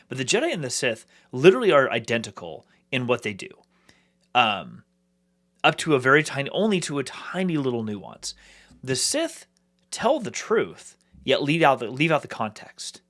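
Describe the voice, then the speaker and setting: A man co-hosting a podcast, talking in a casual, animated way, thinking aloud with many restarts. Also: medium pitch. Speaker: podcast co-host. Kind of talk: casual discussion.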